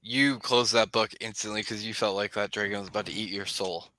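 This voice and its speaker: A man's voice: lowish voice, steady tone, fairly quick, bright, forceful tone, dry recording, poor audio. A man running a tabletop game as game master, narrating casually with frequent laughs.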